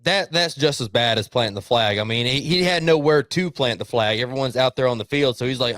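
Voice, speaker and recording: Here the same sports podcast co-host talks casually with lively intonation at a mid-level male pitch, imitating coaches' shouting. He stays blunt and profane throughout. He is recorded close and dry, without echo from the room.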